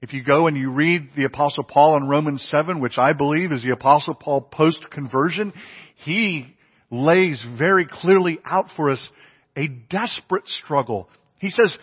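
A man's voice: on the high side, moderate pace, slightly rough. Man preaching in an echoey hall. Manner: earnest, emphatic preaching with repeated phrases. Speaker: pastor. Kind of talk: sermon. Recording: dull audio with long hall reverb.

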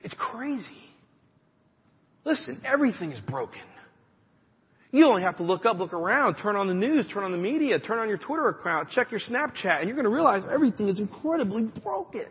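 Man, pastor, lively conversational sermon; slightly high, husky voice, muffled recording with long hall reverb. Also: fast, few pauses. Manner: conversational, animated preaching with asides to the congregation.

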